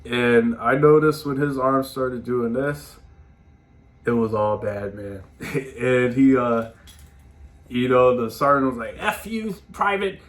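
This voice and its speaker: A man's voice: medium pitch, slow pace, long pauses. A man hosting his own show, telling stories in a casual, slangy monologue with plenty of swearing. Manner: animated, slangy, swearing, frequent "man" tags. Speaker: podcast host giving advice.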